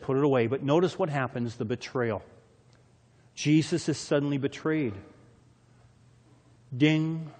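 A man preaching a sermon, reading scripture aloud and explaining it, with his loudness rising and falling dramatically. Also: mid-range voice, long reverb tail. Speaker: pastor.

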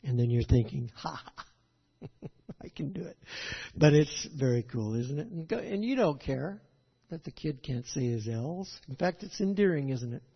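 In a church sanctuary, an older pastor preaches a folksy, rambling sermon, often checking in with "right?" His husky voice is medium-pitched with big swings and a moderate pace. The recording sounds echoey and dull, like lo-fi audio in a hall.

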